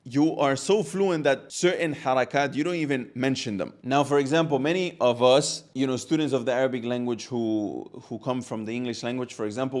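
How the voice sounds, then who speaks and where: A man teaching a language lesson in a casual, explanatory way, often restating his phrases as he works through a point. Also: mid-range voice.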